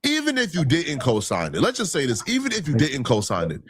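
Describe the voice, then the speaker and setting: A man's voice: fairly high pitch, wildly swooping pitch, fairly quick, fairly bright tone, slight background noise. A man hosting a reaction commentary, laying out his argument point by point in an indignant, emphatic tone. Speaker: commentary channel host.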